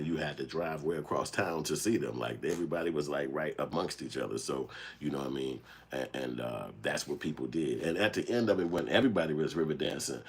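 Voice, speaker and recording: Man, extremely low voice, breathy husky tone, AAVE speech, loose rambling monologue, profane storytelling. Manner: rambling, animated storytelling with street slang and profanity. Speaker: filmmaker and channel host. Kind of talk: casual monologue commentary.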